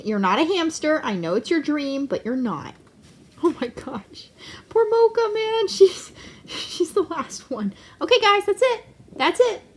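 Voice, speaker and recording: A woman vlogging her pet rats at home, chatting playfully, laughing often and fondly scolding them. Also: high voice. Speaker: pet rat owner and channel host. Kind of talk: casual pet vlog commentary.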